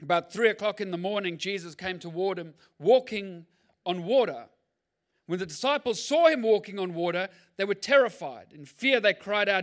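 Pastor guy preaching, high voice, jokey, acts out the bible bits. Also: normal speed. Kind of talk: sermon.

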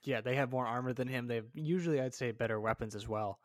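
A man's voice: medium pitch, fast, no echo. A man casually chatting about a video game, laid-back and agreeable, mostly giving short replies. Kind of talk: casual gaming chat.

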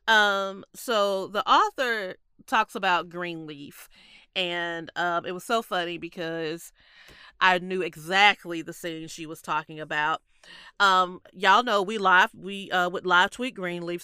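A woman in her thirties co-hosts a podcast, chatting casually, telling stories in a lively, animated way and laughing a lot. She sounds congested and stuffy-nosed, with a lowish voice that is still bright, smooth and clear. The recording is dry and close, with no room sound.

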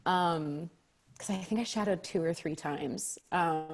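A young woman with a slightly low voice chats as a guest in an interview. She tells stories with animation, acting out little gasps and reactions. Her talk is loose and conversational, full of restarts. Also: unhurried. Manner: animated storyteller, acts out kids' reactions. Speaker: stage actress, guest. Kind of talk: casual interview chat.

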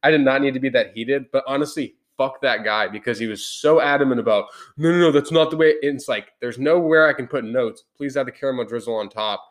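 A man's voice: mid-range voice, fairly quick, few pauses. A young man hosting a podcast, telling a heated story in casual chat. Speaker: podcast host. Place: podcast room.

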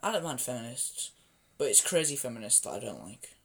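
Man, podcast co-host, rambling and excitable, mid-pitch, laughs a lot. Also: brisk, creaky, slightly rough. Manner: rambling, excitable, laughs often, jumps between topics. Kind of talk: casual chat.

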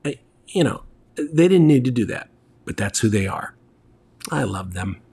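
A man's voice: medium pitch, animated, moderate pace, dark tone, breathy edge. A middle-aged man telling casual, rambling travel stories as host, with lots of fillers and restarts.

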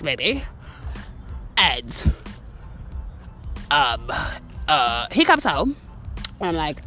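A woman's voice: on the low side, pushed and bright. A woman hosting a podcast, telling an exasperated story in a profane rant and acting out the dialogue. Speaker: podcast host. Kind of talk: ranting monologue.

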